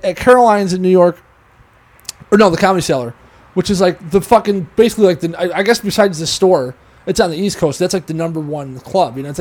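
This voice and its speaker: A man's voice: sits high, a little mellow. A man hosting a podcast, telling a long, profane, rambling story in casual chat. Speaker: podcast host.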